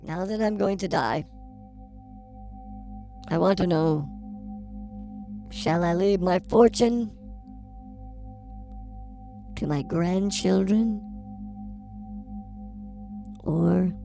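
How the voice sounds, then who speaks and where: A woman's voice: lowish voice, very slow, gravelly, pauses often, mellow, faint music behind, exaggerated voice. A woman playing a sassy, blunt sidekick on a comedy psychic show, full of teasing wisecracks. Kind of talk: comedy sketch.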